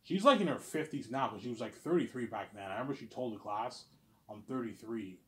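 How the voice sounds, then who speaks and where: A man's voice: medium pitch, big pitch swings, fast talker. A man in his thirties telling a personal story in a casual monologue, rambling, repeating himself and swearing often. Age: 30s. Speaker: vlogger.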